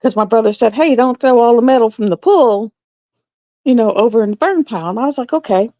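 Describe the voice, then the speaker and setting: A woman's voice: a little high, fast talker, warm tone, no echo. A middle-aged woman, telling a rambling story to her live stream viewers and laughing often. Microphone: phone or webcam on a live stream. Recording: dull, slightly lo-fi stream audio.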